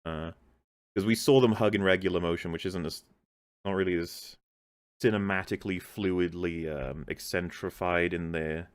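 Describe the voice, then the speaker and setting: A man hosts a reaction show in a deadpan, sarcastic tone. His voice sits a little low, and the recording is dry and close to the mic. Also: moderate pace, no room sound. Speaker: host.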